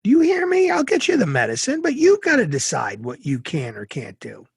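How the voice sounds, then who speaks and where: A man's voice: high-pitched, huge pitch swings, brisk, gravelly, slightly rough, dry recording, studio quality, voice pushed up, exaggerated voice. A man voicing a stern, determined mother who speaks firmly and insistently to her son. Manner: firm, insistent, commanding.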